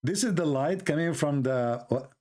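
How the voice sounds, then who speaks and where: A man's voice: on the high side, expressive, moderate pace, a little mellow. A middle-aged man from the Middle East with a Middle Eastern accent, delivering a mocking, sarcastic livestream monologue in broken English. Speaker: show host.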